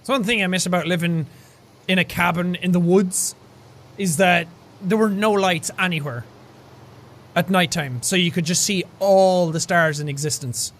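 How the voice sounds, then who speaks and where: A young man giving casual gameplay commentary in an excitable, playful way that runs to gushing outbursts. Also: sits high, moderate pace. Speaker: let's play host.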